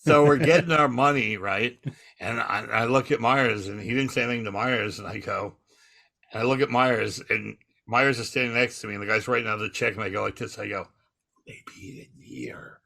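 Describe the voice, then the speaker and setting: A man's voice: medium pitch, fairly quick, creaky, bright, forceful tone. A male comedian telling backstage anecdotes in a casual podcast chat, acting out the lines of the people in his stories.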